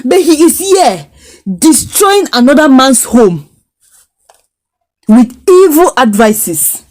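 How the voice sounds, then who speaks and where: A woman's voice: sits high, warm tone. Indignant woman retelling a drama. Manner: indignant, emphatic, repeats phrases for force. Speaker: series reviewer. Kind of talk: storytelling recap and critique.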